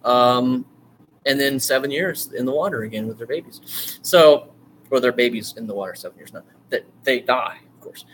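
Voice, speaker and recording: A man teaching an online writing course in a loose, rambling way, full of fillers and restarts, now and then bursting into eager excitement. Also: mid-range voice, normal speed, a little hiss or hum. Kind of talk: casual screen-share lecture.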